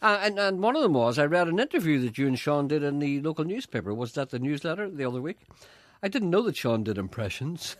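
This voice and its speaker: An older man who presents a radio show. He talks with sardonic, deadpan humor and wry banter. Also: a little high, fast talker, no echo. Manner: sardonic, deadpan, often laughing.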